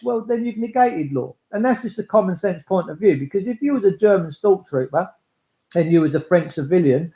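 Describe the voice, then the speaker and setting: A man's voice: high voice, lively intonation, fairly quick, warm tone. A man talking in a rambling monologue, blunt and coarse, swearing freely and acting out voices. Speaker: speaker addressing listeners. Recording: echoey, dull lo-fi recording.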